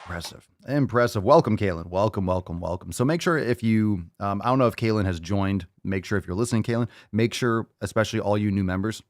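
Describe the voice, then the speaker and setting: A man's voice: fairly low pitch, fast talker, few pauses, no echo. A man hosting a casual livestream podcast, brash and profane, hyping people up and repeating phrases for emphasis. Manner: brash, profane, hyped-up gym talk. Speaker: podcast host.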